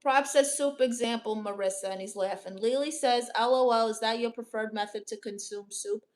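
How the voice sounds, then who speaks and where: A young woman from Brooklyn reading out her chat on a casual livestream, dry, deadpan and sarcastic. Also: on the high side, normal speed. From Brooklyn, New York. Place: home in Los Angeles.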